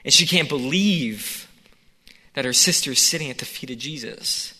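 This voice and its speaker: A man's voice: medium pitch, expressive, moderate pace, sharp tone, slightly rough, in a large hall. A man preaching a sermon in a conversational way, acting out the scene with quoted voices.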